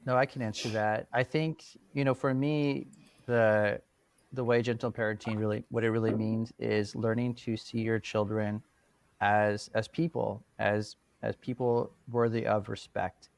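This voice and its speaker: A man's voice: on the low side, level tone, unhurried, gravelly, no echo. A man answering interview questions thoughtfully, searching for his words. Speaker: guest, relationship coach.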